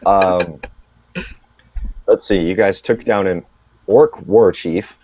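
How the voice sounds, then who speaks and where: Deep voiced guy running a tabletop game, slow and steady, dull dry lo-fi sound. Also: no echo. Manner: unhurried, tallying rules and experience points. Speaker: game master.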